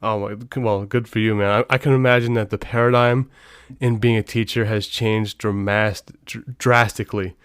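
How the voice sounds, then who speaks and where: Guy hosting a podcast, rambly storyteller, smooth resonant voice, super dry close sound. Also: fairly low pitch, fairly even intonation, normal speed, no echo. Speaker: podcast host. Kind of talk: casual podcast chat.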